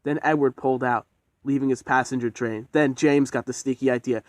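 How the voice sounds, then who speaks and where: A man's voice: mid-range voice, fairly even intonation, a little fast, no room sound, clean studio sound. A man casually narrating a homemade train story, rambling and swearing as he goes. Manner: rambling and profane.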